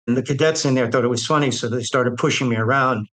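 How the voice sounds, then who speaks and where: A man's voice: medium pitch, fast talker, fairly bright tone, poor audio. An older man bluntly retelling his own life story, with streetwise, quoted dialogue. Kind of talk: personal storytelling.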